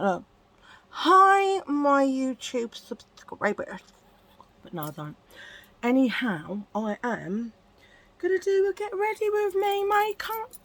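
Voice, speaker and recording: Chatty self-mocking woman. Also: mid-range voice. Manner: chatty, self-mocking, laughs at her own jokes. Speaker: beauty vlogger. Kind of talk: casual get-ready-with-me chat.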